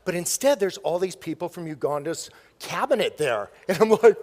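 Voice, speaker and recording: Playful high-voiced man on stage. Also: expressive, unhurried. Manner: playful, jokey storyteller with frequent laughs. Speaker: keynote speaker. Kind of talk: storytelling keynote speech. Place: large hall with audience. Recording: live stage recording in a reverberant hall.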